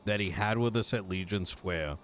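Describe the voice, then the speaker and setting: A man's voice: sits low, normal speed, fairly bright tone, slight background noise. A man chatting casually in character during a roleplay stream, often asking "you know what I mean".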